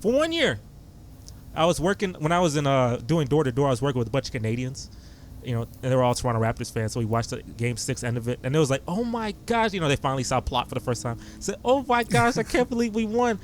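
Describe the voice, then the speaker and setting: Young guy hosting a sports podcast, talks super fast and gets all worked up. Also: medium pitch, slight background noise. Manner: excitable, animated storytelling. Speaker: podcast host. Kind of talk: casual sports chat.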